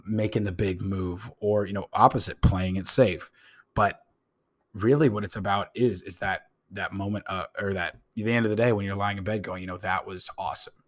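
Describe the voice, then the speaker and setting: Young male podcast host, very low voice, loose rambling solo talk, filler-heavy and profane. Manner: rambling, many "you know" fillers, casual swearing. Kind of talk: casual monologue.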